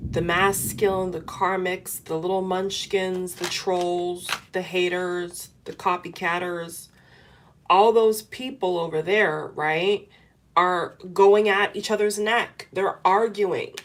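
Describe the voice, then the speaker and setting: Earnest low-voiced woman tarot reader. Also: steady tone, slow pace, slight background noise. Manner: repetitive, earnest, coaching tone. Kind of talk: casual tarot reading to camera.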